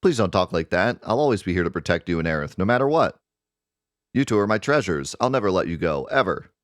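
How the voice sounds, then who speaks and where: A doting, softhearted middle-aged professor in a game, read by a man in a low voice. He speaks fondly of his family, and the sound is dry and close. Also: animated, fast, no echo. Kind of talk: reading game dialogue aloud.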